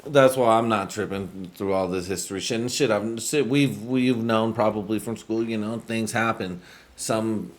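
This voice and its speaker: Male podcast host from the United States, slightly low voice, casual and profane rambling. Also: steady tone, normal speed. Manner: profane, rambling, laid-back.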